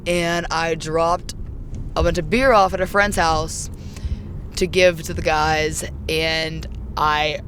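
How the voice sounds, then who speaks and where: A woman's voice: deep voice, fairly even intonation, slow, fairly bright tone, a little hiss or hum. A young woman, a rideshare passenger, telling a story in casual chat with plenty of swearing, voice rising sharply when she relives her anger. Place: inside a car. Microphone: handheld mic.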